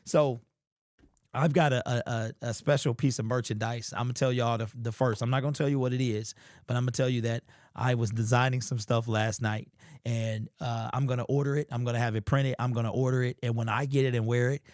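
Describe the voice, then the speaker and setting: Hoarse man hosting casual sports talk. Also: medium pitch, fairly even intonation, fairly quick, a little mellow, no echo, clean studio sound. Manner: loose, chatty, greets viewers by name. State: hoarse from a sore throat. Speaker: sports show host. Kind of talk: casual livestream chat.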